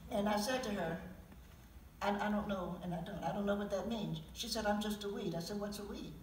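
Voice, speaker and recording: Speaking a little fast at a medium pitch, a seventy-something poet mixes storytelling with poetry readings for a public event audience in an auditorium. Her manner is candid with chuckled asides, and the recording sounds roomy and distant with slight background noise.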